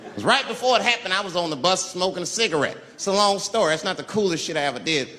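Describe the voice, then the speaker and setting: A man doing stand-up, telling a profane story and acting out the characters with wild shouts. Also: sits high, expressive, fast talker. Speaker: stand-up comedian. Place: comedy venue with live audience. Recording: live stand-up recording with crowd noise. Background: audience laughter.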